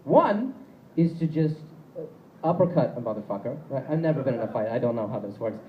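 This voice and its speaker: A man's voice: mid-range voice, very animated, brisk, lo-fi sound, a little hiss or hum. A young man doing stand-up comedy on a club stage, rambling and self-deprecating, with plenty of fillers.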